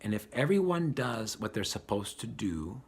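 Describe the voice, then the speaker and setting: A man giving a spiritual talk, animated and acting out the voices of the people he describes. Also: on the low side, normal speed, breathy edge. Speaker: spiritual teacher.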